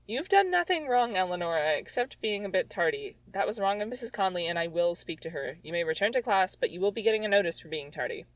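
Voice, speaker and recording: A woman's voice: mid-range voice, animated, fast, hardly any pauses, no room sound, recorded from a distance, close to an everyday voice, low-quality recording. A woman voicing a stern middle-aged school principal in a plain, matter-of-fact reading.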